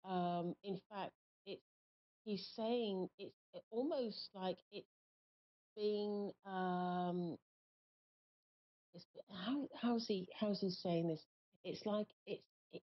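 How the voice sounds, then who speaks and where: A woman hosting a live call-in psychic reading on the radio, speaking in a halting, searching way with many pauses. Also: medium pitch, animated. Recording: muffled lo-fi stream audio.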